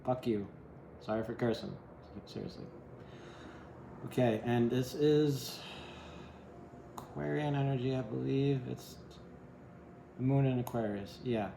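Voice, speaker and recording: A man's voice: medium pitch, steady tone, unhurried, creaky, pauses often, background noise. A man giving a casual tarot reading in a rambling way, often asking "right?" and adding wry, self-deprecating asides. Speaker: tarot reader. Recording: echoey room.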